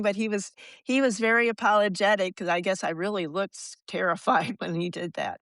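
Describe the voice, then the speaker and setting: An American woman in her sixties, a podcast guest telling rambling, animated stories and acting out the voices of people she quotes. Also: mid-range voice, a little fast, dry recording. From United States. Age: 60s. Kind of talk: casual storytelling.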